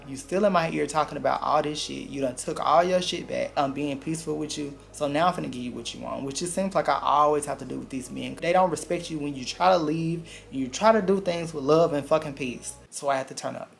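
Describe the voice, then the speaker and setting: Gravelly-voiced man. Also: a little high, a little fast, hardly any pauses, soft background music. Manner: blunt, profane, dramatic retelling. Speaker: vlogger. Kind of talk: casual storytime vlog.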